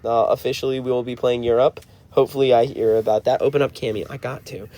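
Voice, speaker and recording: A man's voice: medium pitch, fairly even intonation, fast, dark tone. A man in his twenties in a car, chatting casually on a livestream and answering viewer comments. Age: 20s. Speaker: band member hosting a livestream.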